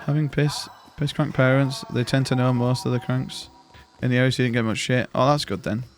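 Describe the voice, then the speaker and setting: A man's voice: mid-range voice, little pitch movement, a little fast, faint music behind. A man, a game streamer casually telling rambling stories and swearing freely. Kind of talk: casual chat while gaming.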